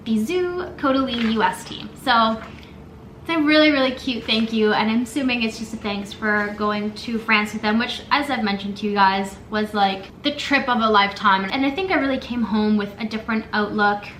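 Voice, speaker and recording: A young woman talks through an unboxing in a bright, slightly high voice, gushing and filler-laden, close to tears. The room around her rings with echo, and a faint ambient hum sits underneath. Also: moderate pace. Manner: gushing, emotional, chatty with many fillers. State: tearful. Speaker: lifestyle vlogger. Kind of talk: casual unboxing chat.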